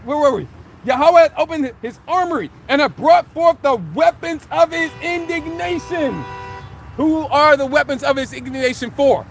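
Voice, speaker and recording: A man giving a live religious teaching as a street preacher, emphatic, firing rhetorical questions and shouting scripture for drama. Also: extremely high pitch, normal speed, slight background noise.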